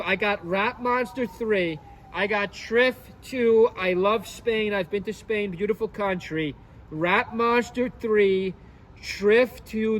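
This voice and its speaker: A man hosting his own channel, rambling through tournament predictions in a casual way, often repeating himself and thinking out loud. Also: high-pitched, slow pace. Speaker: esports YouTube host.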